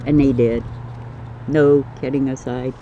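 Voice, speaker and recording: A man's voice: level tone, unhurried, mellow. A man talking casually on his vlog outdoors, chatting fondly about and to his pet snake. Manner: fond, chatty, coos at his snake in a higher voice. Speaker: snake keeper filming his pets. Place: outdoors in a yard. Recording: slightly dull lo-fi camera audio with faint outdoor noise.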